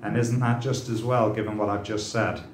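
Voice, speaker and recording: A man's voice: on the low side, flat delivery, moderate pace, echoey room, a little hiss or hum. A man preaching an impassioned, dramatic sermon, full of rhetorical questions. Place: church hall.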